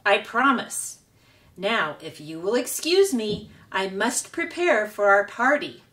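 A gentle, formal female robot from a storybook, put on by a woman reading aloud. She talks slowly and precisely, never using contractions, in a raised, lively voice. The sound is distant from the microphone. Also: medium pitch. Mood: calm, reassuring.

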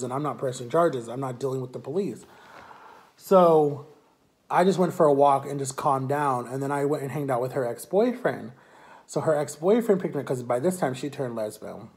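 A young man telling a personal story to camera in a casual, animated way, acting out the people he quotes. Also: mid-range voice. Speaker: vlogger.

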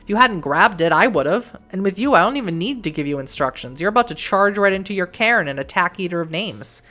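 A woman's voice: lowish voice, lively intonation, brisk, pushed and bright, soft background music. A woman reading as a cruel smug witch. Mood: mocking. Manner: taunting, mocking. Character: cruel smug female witch, indifferent and scheming.

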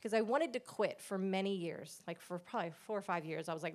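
A woman's voice: mid-range voice, fast, hardly any pauses. A middle-aged woman, a pastor's wife, giving an earnest, conversational testimony at church and acting out the dialogue she quotes.

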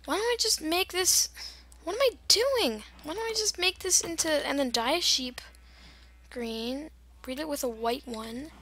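A woman's voice: high-pitched, a little slow, pushed and bright. A young woman chatting and rambling through casual gameplay commentary, giggling and wandering off on silly tangents. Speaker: gamer.

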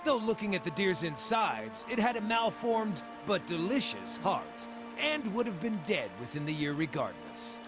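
A man voicing a friendly, easygoing male druid wanderer, reading the game's dialogue aloud in a relaxed, good-humored way over faint game music. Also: high voice, moderate pace, hardly any pauses.

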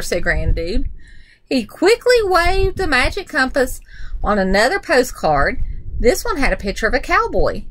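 A woman reading a children's picture book aloud, full of animated storytelling. Her voice sits high and swoops through a very wide, expressive range. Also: unhurried, rough recording.

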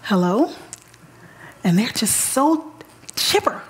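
A woman giving a storytelling sermon at church, who often drops to a hushed whisper for emphasis and repeats words as she gathers her thoughts. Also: mid-range voice, lively intonation, unhurried. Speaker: church speaker.

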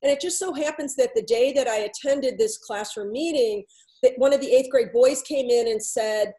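A woman's voice: on the high side, normal speed, mellow, poor audio. A middle-aged woman consultant recounting a story in a storytelling talk, relaying back-and-forth dialogue between herself and others. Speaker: workplace consultant.

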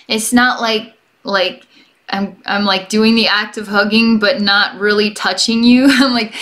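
A young adult woman giving a gentle, chatty energy healing session as a psychic, rambling and often checking in with the listener. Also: mid-range voice, steady tone, measured pace. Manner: gentle and reassuring toward the listener. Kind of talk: relaxed guided healing session.

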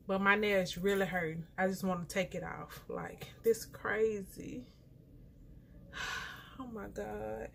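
A woman's voice: mid-range voice, fairly bright tone, a little hiss or hum. A young woman, chatting casually to her vlog viewers at home, venting and complaining as she does her hair. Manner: frustrated, complaining, talks to viewers as y'all. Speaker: vlogger. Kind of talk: casual chat to camera.

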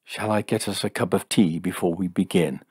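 A man voicing an eager, trusting woman in an audiobook story, awestruck and excited, with a low voice barely raised for her. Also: moderate pace, slightly rough, dry recording, clean studio sound. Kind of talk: audiobook character voice.

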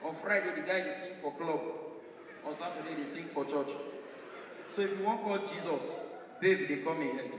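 A man's voice: fairly high pitch, moderate pace. A man with a Ghanaian accent doing a stand-up set, telling stories in pidgin and slipping into sung worship lines. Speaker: stand-up comedian. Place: large live comedy show hall. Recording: echoey hall, far from the mic, noisy.

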